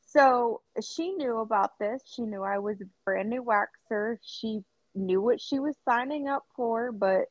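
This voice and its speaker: A young woman telling a work story on a podcast, animated, laughing and acting out quotes with lots of fillers. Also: a little high, unhurried, dry recording. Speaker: podcast co-host. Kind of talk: casual storytelling chat. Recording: slightly dull dry sound.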